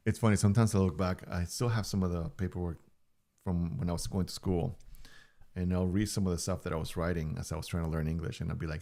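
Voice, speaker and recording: Streamer, male, 40s, native Spanish speaker; deep gravelly voice, joking and easygoing. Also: steady tone, fast, mellow. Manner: playful, joking, chuckles often. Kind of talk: casual stream chat.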